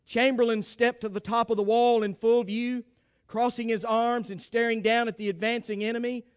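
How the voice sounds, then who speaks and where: High, smooth-voiced male preacher. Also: little pitch movement, moderate pace. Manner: dramatic, calls for congregation response. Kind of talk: sermon storytelling.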